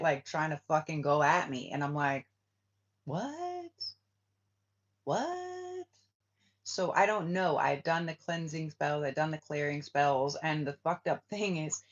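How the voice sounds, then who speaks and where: A man's voice: fairly high pitch, fairly bright tone. Rambling, swearing man on a dull lo-fi recording. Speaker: spiritual reader and vlogger. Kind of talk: casual rambling monologue. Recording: dull lo-fi sound.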